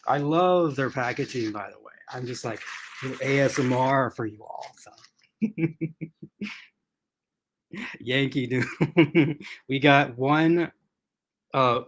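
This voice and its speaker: A man's voice: medium pitch, measured pace, fairly bright tone. Chatty rambling man on a livestream. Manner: rambling, chatty, frequent fillers and restarts; laughs often. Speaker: host of livestream unboxing. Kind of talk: casual livestream chat. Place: at home in front of a laptop. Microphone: laptop.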